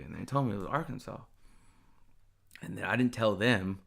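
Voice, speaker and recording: A young man co-hosting a podcast, chatting in a relaxed, blunt way. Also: lowish voice, moderate pace, gravelly. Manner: relaxed, blunt, often laughing along. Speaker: podcast co-host. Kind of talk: casual chat.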